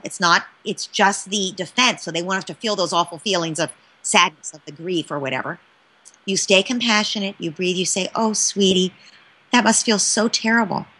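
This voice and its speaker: A woman speaking as a parenting expert in an interview, animated and often checking in with "right?". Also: a little high. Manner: animated, keeps asking "right?". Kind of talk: interview answer, advice.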